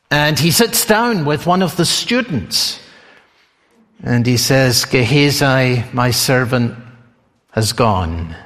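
A man's voice: on the high side, fairly bright tone. A man preaching a sermon, telling the story expressively and asking his listeners questions. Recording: long hall reverb.

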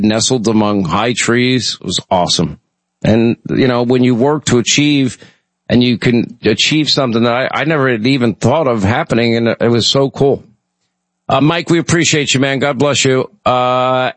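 A man's voice: medium pitch, no room sound. Chatty male radio host, dry close sound. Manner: rambling, chatty storytelling with many restarts. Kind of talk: casual talk radio chat.

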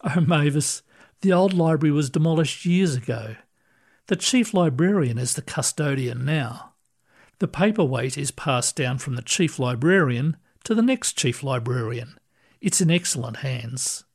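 A man voicing a kindly older male ghost who explains things patiently and gently. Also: a little high, lively intonation, unhurried, slightly rough, heavily acted.

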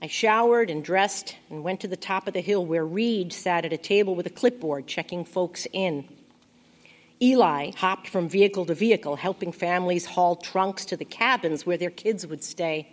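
A woman reads a first-person story in a quiet, intimate, reflective voice. Her pitch sits a little low for a woman, and the delivery stays close and unhurried. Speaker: audiobook narrator. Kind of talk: first-person audiobook narration.

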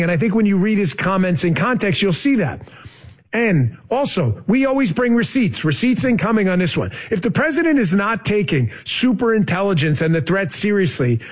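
Male show host, high-pitched voice, combative and sarcastic political commentary. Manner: combative, sarcastic, rising to heated outbursts.

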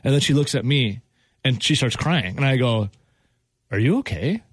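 A man's voice: mid-range voice, normal speed, no room sound. A man hosting a radio show, telling a funny story in casual chat and laughing as he goes. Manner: animated, laughing anecdote teller.

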